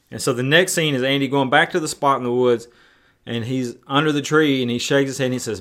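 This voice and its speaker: Folksy preacher, hesitant with fillers, medium-pitched male voice. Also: steady tone, brisk, fairly bright tone. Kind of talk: sermon retelling a TV episode.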